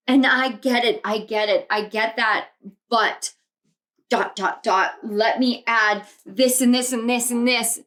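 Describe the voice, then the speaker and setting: Slow, earnest high-voiced woman. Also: fairly even intonation, fairly bright tone. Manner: earnest, reflective, repeats phrases. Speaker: tarot reader. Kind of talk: intuitive tarot reading to camera.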